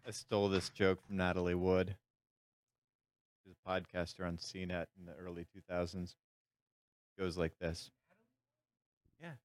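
A man's voice: low voice, level tone, moderate pace, pauses often, slight background noise. A man on a stage panel fumbling a joke, breaking into laughter as he talks. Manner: giggly, keeps breaking into laughter. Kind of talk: live panel chat.

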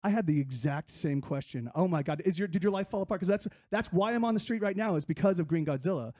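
Brief: kind street drifter, rambling and repetitive, high and quick, as a joke-teller puts him on. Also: male voice, lively intonation, a little mellow, no echo, clean studio sound. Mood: earnest. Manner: rambling, repeats himself. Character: kindly homeless man on the street.

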